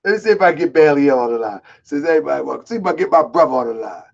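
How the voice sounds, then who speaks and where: A man from Baltimore hosting a live online show, talking loud, boisterous and streetwise, calling people out. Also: a little high, animated, rapid-fire, gravelly, highs cut off. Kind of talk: casual live-stream talk.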